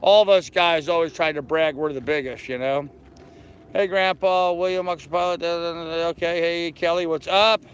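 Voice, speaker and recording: A man's voice: on the high side, steady tone, moderate pace, slight background noise. An older man on a live stream from his anchored sailboat, talking to viewers through a handheld phone and answering their comments one by one. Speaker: sailing vlogger. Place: aboard a small anchored sailboat outdoors. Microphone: phone held in hand.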